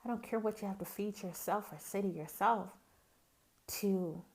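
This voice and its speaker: A woman's voice: mid-range voice, moderate pace. A woman from Mississippi with a Southern accent, speaking in a candid, folksy personal monologue as a podcast host who calls her listeners "baby".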